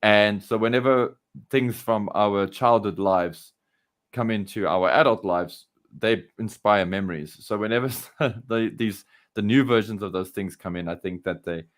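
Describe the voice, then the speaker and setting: A man's voice: lowish voice, measured pace. A South African man co-hosting a podcast chat, enthusiastic and steering the talk between topics. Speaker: podcast co-host.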